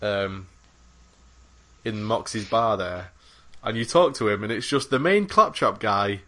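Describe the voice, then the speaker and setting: A man's voice: fairly low pitch, animated, measured pace, sharp tone. A man co-hosting a gaming podcast, talking casually and rambling with many fillers and restarts. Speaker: podcast co-host. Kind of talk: casual chat about games.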